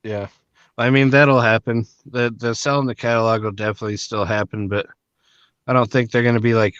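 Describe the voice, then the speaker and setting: A man's voice: lowish voice, steady tone, fairly quick, fairly bright tone, clean tone, no echo. Man, casual profane rambling, dry close sound, muffled stream recording. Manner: rambling, profane, many fillers. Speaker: podcast co-host. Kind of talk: casual chat.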